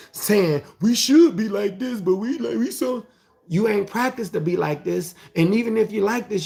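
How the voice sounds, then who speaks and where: Gravelly guy preaching hard, repeats himself a lot, soft music behind. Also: a little high. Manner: emphatic, repetitive, call-and-response phrasing. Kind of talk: motivational sermon.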